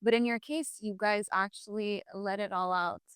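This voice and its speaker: Smooth-voiced supportive woman host. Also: medium pitch, fairly even intonation, normal speed, fairly bright tone, no echo, clean studio sound. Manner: supportive, sums up the guest's words. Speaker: podcast host. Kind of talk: interview.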